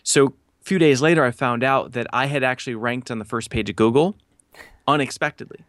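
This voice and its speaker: Man, 30s, podcast guest; lively storyteller who acts out quotes, fillers galore, dry close mic. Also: medium pitch, fairly quick, no echo. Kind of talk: casual storytelling.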